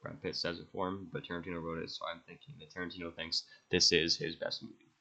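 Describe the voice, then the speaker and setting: In a casual monologue ranking his favorite movies, a young man hosting a podcast rambles with enthusiasm and swears freely. He talks fast in a low voice with a level, sharp tone.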